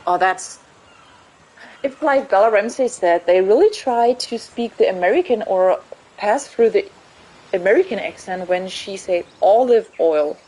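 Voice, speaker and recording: A woman's voice: medium pitch, animated, unhurried, a little mellow, poor audio. A young woman streaming a game, chatting casually in English as a second language, rambling and searching for words as she corrects herself. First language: not English. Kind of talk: casual chat while gaming.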